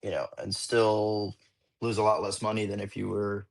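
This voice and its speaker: A man's voice: lowish voice, level tone, moderate pace, gravelly. A man in an online audio chat, rambling and repeating himself as he explains. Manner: rambling, repeats words, leans on fillers. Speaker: caller.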